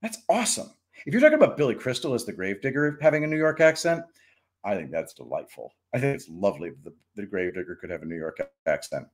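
A man's voice: lowish voice, sing-song, quick pace. A man hosting a casual live stream, reading chat and giving rambling, opinionated takes with frequent restarts.

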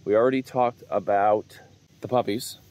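A man's voice: lowish voice, fairly even intonation, moderate pace, darkish tone, slight background noise. A man vlogging outdoors on his farm, chatting casually to viewers while walking and calling after his dog. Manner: chatty, easygoing, calls out to a wandering dog. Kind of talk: casual rambling chat.

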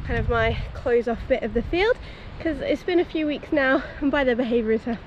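Chatty woman with a high voice. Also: a little fast, highs cut off, background noise. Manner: chatty, upbeat, laughs often. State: out of breath. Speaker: vlogger. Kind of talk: casual vlog narration. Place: outdoors at a stable field, windy.

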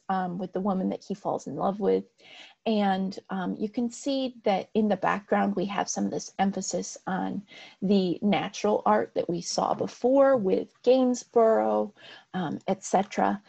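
A woman's voice: medium pitch, gravelly, darkish tone, husky. A woman lecturing on art history over slides, explaining in a plain way with frequent "um" and "right".

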